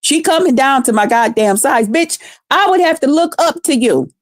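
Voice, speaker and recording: A woman hosting a live stream, ranting in a blunt, profane, mocking way with drawn-out emphasis. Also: high voice, expressive, no echo, studio quality.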